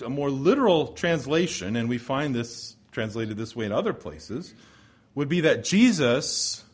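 A man preaching an expository sermon, moving between forceful emphasis and hushed, slow pauses. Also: mid-range voice, breathy edge. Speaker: pastor.

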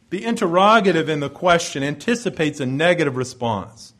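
A male preacher delivering an expository sermon in a measured, emphatic way, his voice dropping low at the ends of phrases. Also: fairly bright tone.

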